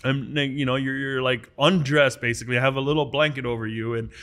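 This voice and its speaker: A man's voice: mid-range voice, brisk. A man from the United States talks as a guest on a podcast. He tells his story casually and with energy. He restarts his sentences often and acts out what other people said. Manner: animated, acts out quoted dialogue, many restarts.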